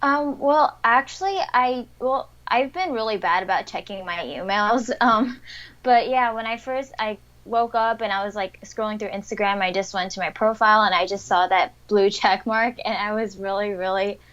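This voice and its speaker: Young woman interviewee, upbeat chatty delivery, mid pitch, slightly dull audio. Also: moderate pace, a bit bright. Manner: chatty, upbeat, frequent fillers and laughs. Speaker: interviewed athlete. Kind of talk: casual interview answers.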